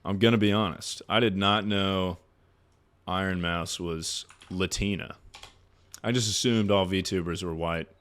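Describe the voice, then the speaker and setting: A man's voice: sits low, fairly even intonation, unhurried, a bit bright. A young man streaming live, giving loose advice to his chat in a joking, rambling way with plenty of swearing. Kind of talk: casual livestream chat.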